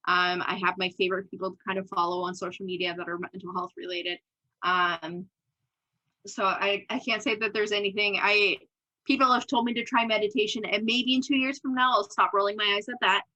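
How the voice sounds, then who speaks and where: Bright-voiced woman, candid and laughing. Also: medium pitch, steady tone, poor audio. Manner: candid, quick to laugh, acts out her own past thoughts. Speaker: podcast guest, business owner. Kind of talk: casual interview chat.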